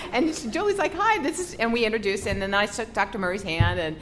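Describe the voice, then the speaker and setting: A woman co-hosting a live podcast, telling an excited story in a gushing, breathless way with frequent laughs. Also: fairly high pitch, fast talker, few pauses, over loud music. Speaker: podcast co-host. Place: bookstore event with audience. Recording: noisy live event recording.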